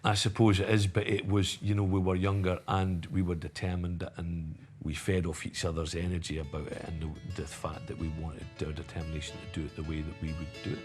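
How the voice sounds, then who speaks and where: A Scottish man, a musician being interviewed, answering in a hesitant, halting way. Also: low voice, level tone, music in the background. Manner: hesitant, halting, many fillers.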